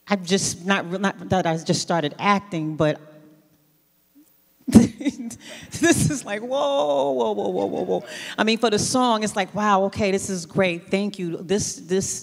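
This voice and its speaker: A woman from New York speaks on a theater stage, with a lowish voice. She tells her story animatedly, laughs often and restarts her sentences. A long hall reverb hangs on her words. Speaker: award honoree guest. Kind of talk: onstage interview conversation.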